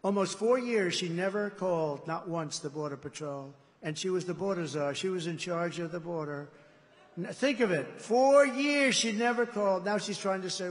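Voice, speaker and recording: A political candidate with a high-pitched voice gives a boastful, rambling rally speech at a moderate pace, drifting digressively between points. His words ring out with long reverb through a large indoor arena.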